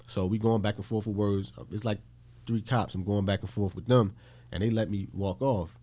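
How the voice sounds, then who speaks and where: Guy from newark telling a story, low voice, kinda mellow, cusses a lot, acts out the people he quotes. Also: fairly even intonation, brisk. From Newark, New Jersey. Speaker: podcast guest. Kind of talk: casual storytelling.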